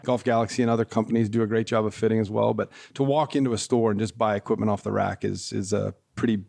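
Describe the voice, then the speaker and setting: Gravelly-voiced man telling golf-tour anecdotes. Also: on the low side, steady tone, quick pace, a little mellow. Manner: rambling anecdotes, frequent laughs, many fillers. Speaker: golf equipment tour rep, guest. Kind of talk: casual podcast interview.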